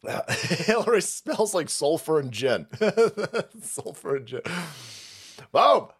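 A man hosting a livestream, ranting about politics in a profane, animated way with frequent laughter. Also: high voice, slow, slightly rough. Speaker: livestream host.

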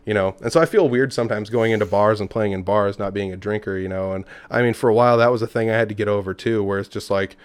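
Fast-talking low-voiced man telling stories. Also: steady tone, clean tone, dry recording. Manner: rambling storyteller who acts out quotes. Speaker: podcast guest. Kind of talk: casual conversation.

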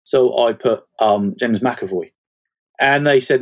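A man's voice: medium pitch, animated, takes it slowly. Chatty man telling stories. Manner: chatty, self-mocking, laughs at his own stories. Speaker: fantasy author guest. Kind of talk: casual interview chat.

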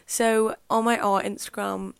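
A woman's voice: medium pitch, level tone, unhurried, vocal fry, clear, resonant tone, no room sound. A young woman hosting her podcast, chatting casually and rambling with lots of "like" and "um". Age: young adult. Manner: chatty and rambling, fills speech with "like" and "um". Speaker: podcast host. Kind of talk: casual solo podcast chat.

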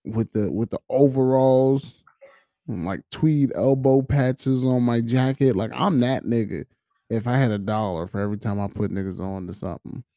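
A man co-hosting a podcast in casual chat, slangy, joking and animated. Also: medium pitch, no echo, studio quality. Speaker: podcast co-host.

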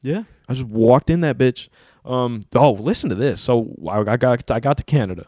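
A young man talks in a relaxed, rambling way, full of slang and cursing. His pitch sits in the middle range for a man. The sound is dry and close, with no room echo. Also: moderate pace. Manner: laid-back storytelling with heavy slang and swearing. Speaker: podcast host. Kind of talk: casual chat.

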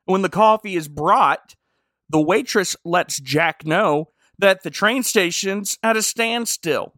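A man co-hosting a podcast, recapping a short film in casual comedic chat with deadpan delivery and lots of giggling. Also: high voice, no echo, clean studio sound. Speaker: podcast co-host.

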